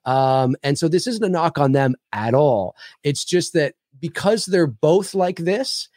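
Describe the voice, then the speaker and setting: A man co-hosting a casual livestream chat, theatrical and quick to laugh, heard over a remote call. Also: a little high, no echo, studio quality. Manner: animated, theatrical, laughs often. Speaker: livestream co-host.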